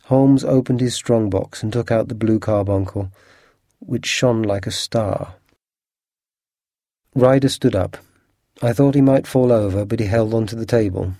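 A man calmly reading a storybook aloud as narrator. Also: fairly low pitch, measured pace, long pauses, no room sound, studio quality. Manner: calm, even narration.

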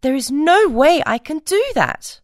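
A woman voicing a kind, hardworking young girl in a storybook, with a higher, earnest voice. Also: sing-song, slow pace, no echo, clean studio sound.

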